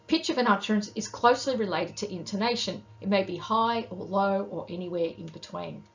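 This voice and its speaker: Woman teaching in a slightly muffled recording. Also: mid-range voice. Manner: clear, measured teaching tone with guiding questions. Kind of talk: recorded lesson explaining terms.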